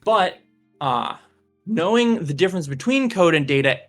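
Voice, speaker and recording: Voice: mid-range voice, expressive, normal speed, faint music behind. A computer science teacher patiently explaining over a voice call, with many fillers. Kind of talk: casual explanation on a stream.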